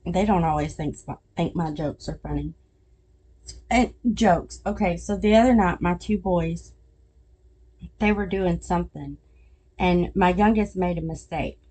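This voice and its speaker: Middle-aged woman hosting a podcast, just chatting and telling stories, mellow voice, cracks herself up. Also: on the low side, unhurried, breathy edge. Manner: chatty storytelling, laughs at her own jokes. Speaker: podcast host. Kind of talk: casual chat.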